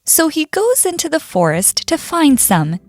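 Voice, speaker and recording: A young woman with an Indonesian accent reading a fable aloud for a class in a slow, expressive way. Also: sits high. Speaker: student presenter. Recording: faint background music.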